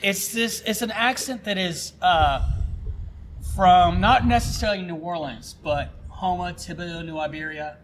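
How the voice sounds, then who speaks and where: A man's voice: sits high, normal speed, a little hiss or hum. A man from southern Louisiana with a Southern US accent, hosting a casual podcast chat in a brewery and rambling with many fillers. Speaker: podcast host.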